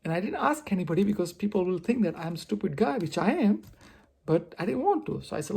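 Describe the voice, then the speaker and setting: A man telling a personal story on his vlog, expressive and poking fun at himself. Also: high-pitched, fast, creaky, slightly rough. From India. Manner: expressive, self-mocking storyteller. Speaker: vlogger.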